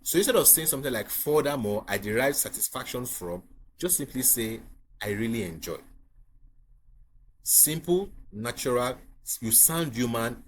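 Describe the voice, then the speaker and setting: A man's voice: mid-range voice, animated, moderate pace. A man with a Nigerian accent, an IELTS tutor teaching to camera with emphatic repetition and frequent checks on the listener. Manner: emphatic, repeats key points, asks the viewer if they follow.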